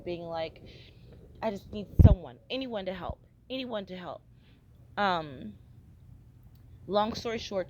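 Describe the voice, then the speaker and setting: A woman's voice: lowish voice, noisy background. A young woman vlogging a casual travel diary, tired and hungover, rambling with lots of fillers and scolding herself. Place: airport waiting area.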